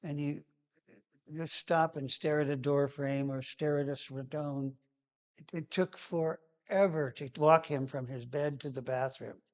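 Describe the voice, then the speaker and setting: Halting man recounting a memory. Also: on the high side, fairly even intonation. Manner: halting, with frequent restarts and soft trailing phrases. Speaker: singer-songwriter telling a song's background. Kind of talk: personal reminiscence.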